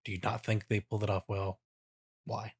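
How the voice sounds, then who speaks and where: Brief: low-pitched male podcast host, casual, rambles and restarts a lot. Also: little pitch movement, brisk, vocal fry, husky. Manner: rambling, hesitant, many restarts.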